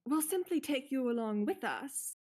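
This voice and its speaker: Calm woman interrogating in character. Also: high voice, normal speed. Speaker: player. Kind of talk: in-character tabletop role-play.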